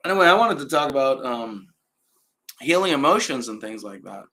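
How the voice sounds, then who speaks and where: A man's voice: medium pitch, very animated, brisk, sharp tone, low-quality recording. A young man, hosting a casual live stream and rambling loosely with fillers and trailing laughs. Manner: many fillers and restarts.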